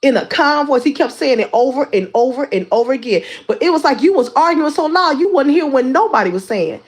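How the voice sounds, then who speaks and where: A woman's voice: high-pitched, lively intonation, fast talker. A woman hosting a livestream, calling out someone in a heated rant with lots of repeated words and restarts. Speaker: livestream host.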